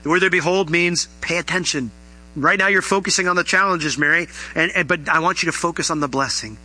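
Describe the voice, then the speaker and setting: A man's voice: on the high side, brisk, bright, forceful tone, rough recording. A man preaching a sermon to his congregation in an earnest, conversational way, asking the listeners rhetorical questions. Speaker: pastor.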